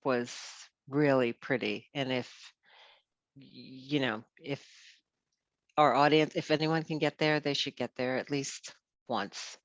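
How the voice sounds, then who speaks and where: A woman's voice: rumbling low, steady tone, measured pace, no room sound, highs cut off. A woman host in a casual chat, rambling with lots of "you know" and restarts. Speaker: podcast host.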